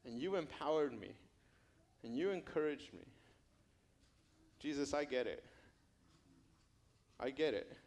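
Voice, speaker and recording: A man's voice: on the high side, expressive, measured pace, long pauses, darkish tone. A man playing Peter, a humble, outspoken fisherman disciple, confessing with stammering restarts.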